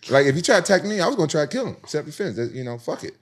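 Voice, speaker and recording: A man from Memphis, a podcast guest telling profane, animated stories about street fights and jumping high in pitch to quote other people. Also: very fast. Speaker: podcast guest, former UFC champion. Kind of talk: casual storytelling.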